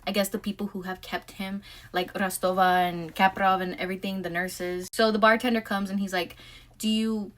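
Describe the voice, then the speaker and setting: A woman's voice: medium pitch, level tone, fairly quick, a bit bright. Woman talking thru a book recap, super chatty, says like a lot. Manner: chatty, lots of "like" fillers.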